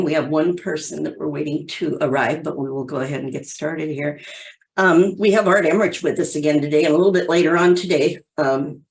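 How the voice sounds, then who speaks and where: A woman's voice: low voice, creaky. A woman in her sixties, a hypnotherapy trainer, talking in a chatty, rambling way with fillers and restarts during an online training session over a video call.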